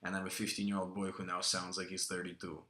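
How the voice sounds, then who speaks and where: A man's voice: low voice, little pitch movement, quick pace, bright, forceful tone. A young man from Russia, a guest actor, chatting and rambling through stories in a casual interview. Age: young adult. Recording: echoey room.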